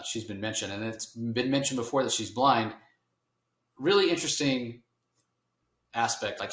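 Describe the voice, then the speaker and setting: Man, low voice, loose rambling comic recap, roomy echo. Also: a bit bright. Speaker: podcast host. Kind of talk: casual comic book discussion.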